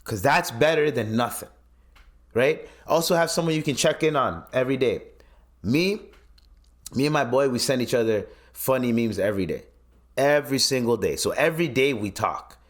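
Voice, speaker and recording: A man's voice: mid-range voice, moderate pace. A man hosting a podcast, ranting in casual commentary, incredulous and swearing often. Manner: animated, swearing, incredulous rants. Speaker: podcast host.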